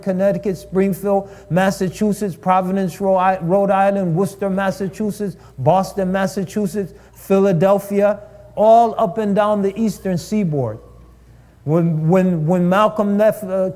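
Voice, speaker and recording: A man's voice: high voice, warm tone. A man giving a preaching lecture at a live-streamed event, building rhetorical lists and repeating phrases for emphasis.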